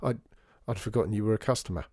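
A man's voice: fairly low pitch, slow pace, mellow, dry recording, clean studio sound. A man doing a stammering young lift attendant. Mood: flustered. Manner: stammering, flustered.

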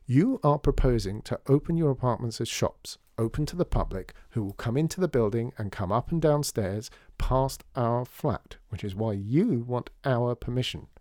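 A man's voice: medium pitch, lively intonation, moderate pace, few pauses, darkish tone, dry recording, lightly acted. A man voicing a wry grown woman neighbour in a storybook reading, with a dry, teasing manner.

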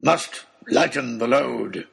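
A man voicing a bluff, hot-headed gentleman baronet who blusters and shouts, as a storybook character. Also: medium pitch, slow pace, creaky, husky, full character voice. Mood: dazed.

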